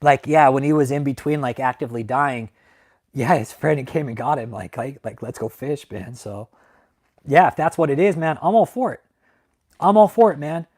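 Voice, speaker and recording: A young man hosting a casual livestream rambles emotionally to viewers, swearing heavily and closing his sentences with "man." His voice is on the high side, expressive and a little mellow, at normal speed.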